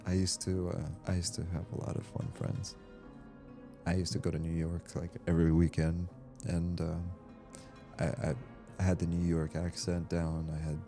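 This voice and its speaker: A man streaming a game, rambling casually, reading chat aloud and laughing easily. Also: sits low. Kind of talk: casual livestream chat while gaming. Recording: game music playing behind. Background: game music.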